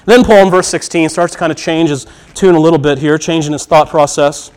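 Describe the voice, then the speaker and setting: A man's voice: on the high side, steady tone, a little fast, a little mellow, clean tone. A man preaching a sermon in an earnest way, often asking a question and then answering it himself. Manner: earnest, repeats key phrases, asks and answers questions. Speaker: pastor.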